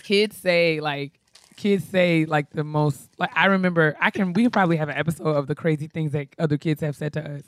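A woman's voice: sits low, fairly quick, dry recording. Dry, close-miked woman telling stories with laughter. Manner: animated storyteller who laughs often. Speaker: podcast co-host. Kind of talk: casual chat.

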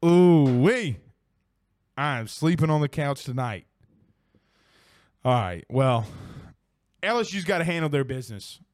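A man's voice: fairly high pitch, expressive, measured pace, pauses often, darkish tone, no room sound. A young man hosting a casual sports podcast, exclaiming and swearing as he reads viewer comments. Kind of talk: casual live-stream chat.

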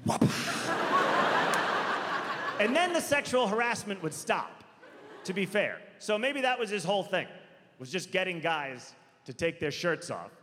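A man's voice: sits high, expressive, normal speed, pushed and bright. A man performing stand-up comedy on a large theater stage, telling a story with acted voices, into a handheld mic, audience laughter behind. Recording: big theater hall with faint crowd noise.

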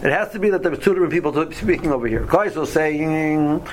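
A man's voice: on the high side, quick pace, slight background noise, rough recording. A man leading a casual Torah study class, often stumbling over and repeating words, reading Hebrew verses aloud and then explaining them.

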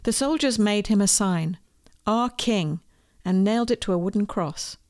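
A woman reading aloud from her own children's storybook, gentle and expressive. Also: mid-range voice, fairly quick, no room sound, clean studio sound. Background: faint music.

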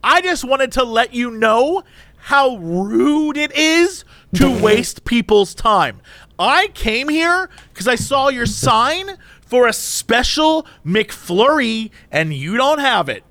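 A man's voice: very high voice, big pitch swings, slow pace, pushed and bright, no room sound, pitched above the performer's own voice, heavily acted. A man voicing an angry, entitled middle-aged woman customer who keeps demanding answers. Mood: indignant. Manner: demanding, indignant, repeats her complaints.

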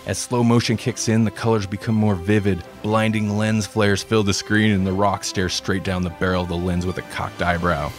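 A man reading a comedic story aloud in a relaxed way, with dry asides. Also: fairly low pitch, normal speed, few pauses, soft background music. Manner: relaxed, self-deprecating asides.

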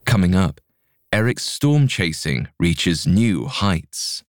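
A man narrating a scripted story in a measured, dramatic way. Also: low voice, sing-song, no echo, clean studio sound.

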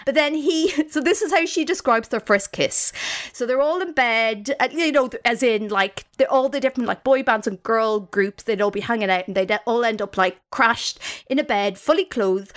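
A woman's voice: fairly high pitch, moderate pace. A woman co-hosting a podcast, telling a story in a playful, dramatic way. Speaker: podcast co-host. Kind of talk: casual storytelling chat.

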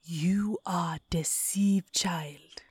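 A woman voicing a stern old male ancestor spirit, scolding and rising to a loud warning, in a storybook reading. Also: on the low side, extremely slow, slightly rough, no echo, exaggerated voice.

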